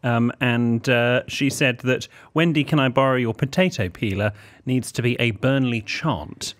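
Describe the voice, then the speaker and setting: A man's voice: medium pitch, unhurried. A man co-hosting a casual podcast, teasing and playful with his partner. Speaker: podcast co-host. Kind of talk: casual chat.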